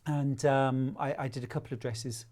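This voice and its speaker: A man's voice: mid-range voice, steady tone, normal speed, a little mellow. A man chatting playfully as a guest presenter on a live sewing shopping show, often laughing. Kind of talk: casual studio chat on a shopping channel. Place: TV shopping studio.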